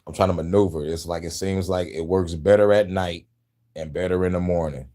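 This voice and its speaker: A man's voice: low-pitched, steady tone, brisk, dark tone. A man talking casually to his viewers, frustrated and profane, laughing often. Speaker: YouTuber.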